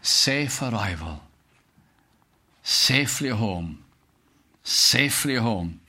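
An older British man preaching an earnest sermon, reciting hymn verses slowly. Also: mid-range voice, expressive, bright, forceful tone.

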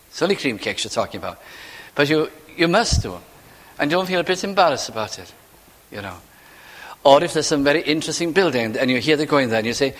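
A man's voice: on the high side, lively intonation, fairly bright tone. Man preaching in a reverberant hall. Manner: conversational preaching with rhetorical questions; slows for scripture quotations. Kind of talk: sermon. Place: church.

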